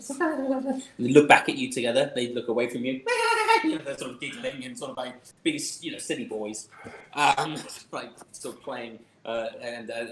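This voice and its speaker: A man's voice: mid-range voice, echoey room, slight background noise, rough recording. A man running a tabletop game, describing the scene in a rambling, chuckling way. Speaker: game master.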